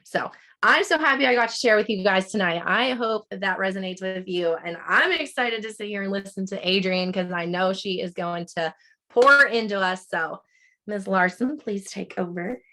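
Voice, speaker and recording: A woman's voice: medium pitch, normal speed, bright, forceful tone. A woman gives a motivational talk over a video call. She sounds upbeat and encouraging, coaching her listeners in a mid-range voice. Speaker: speaker at a team leadership training.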